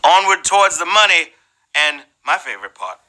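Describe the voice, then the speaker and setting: A man hosting a live trivia game show in a playful, slangy, animated way, teasing the players. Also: fairly high pitch, moderate pace, rough recording.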